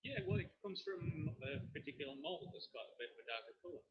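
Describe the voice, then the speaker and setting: A man's voice: fairly high pitch, huge pitch swings, fast. A man, a brewer chatting casually on a live stream and explaining beer details in a dry, matter-of-fact way. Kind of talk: casual chat. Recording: dull lo-fi live stream audio.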